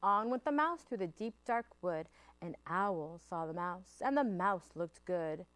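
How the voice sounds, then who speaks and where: A woman storytime host reads to children in a lively, sing-song voice that rises and falls. She takes her time and pauses for effect. The sound is close and dry. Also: on the low side, no room sound. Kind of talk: reading picture books aloud to children.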